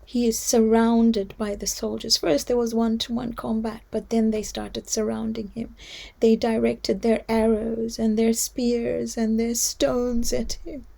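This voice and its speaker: A woman telling a devotional story to children, heartfelt and often dropping into a hushed whisper. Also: fairly high pitch, little pitch movement, a little slow, vocal fry. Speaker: storyteller at a children's religious gathering.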